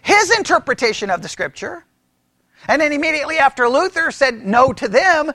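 High-voiced preacher asking the room questions. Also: male voice, brisk, no room sound, studio quality. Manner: animated, asks the room questions, mimics critics; restarts and repeats words often. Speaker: pastor teaching church history. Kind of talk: sermon-style lecture. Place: church meeting room.

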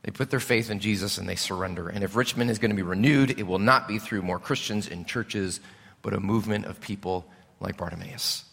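A man preaching a sermon as a pastor, impassioned, swinging between loud and hushed. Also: on the low side, fairly quick, gravelly, slightly rough. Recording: preached in a reverberant hall.

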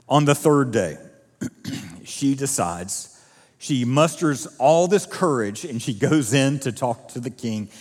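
Husky male preacher in a big echoing hall. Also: mid-range voice, slow. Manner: lively retelling with asides to the congregation. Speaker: pastor. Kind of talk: sermon storytelling. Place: church auditorium.

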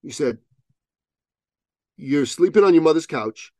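A man telling a story as a podcast guest, acting out both sides of the dialogue with rising, loud peaks. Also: on the high side, expressive, unhurried, dry recording, clean studio sound. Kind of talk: animated storytelling in an interview.

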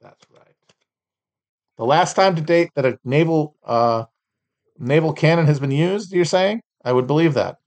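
Male podcast host, slightly higher voice, sardonic and profane, rambling solo commentary. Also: unhurried, pauses often, a little mellow. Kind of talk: solo live commentary, reading and mocking trading cards.

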